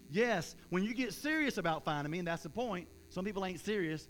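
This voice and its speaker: A man preaching a sermon as pastor in a church, rising loud in acted-out prayers and dropping soft for an altar call and prayer. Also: sits high, animated, fast, few pauses, a little hiss or hum, poor audio. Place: church sanctuary.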